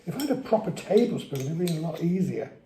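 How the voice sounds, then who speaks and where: A man's voice: a little high, sing-song, fast, mellow, reverberant, a little hiss or hum. A man cooking in a home kitchen, grumbling and often asking "eh?" as he chats casually. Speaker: cook on a home cooking show. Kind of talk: casual chat while cooking.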